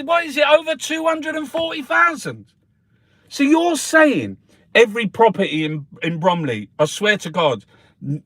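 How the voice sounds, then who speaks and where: High-voiced, sweary man ranting. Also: sharp tone, no echo. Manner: angry, sweary, heated rant. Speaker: host reviewing newspapers. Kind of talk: ranting commentary.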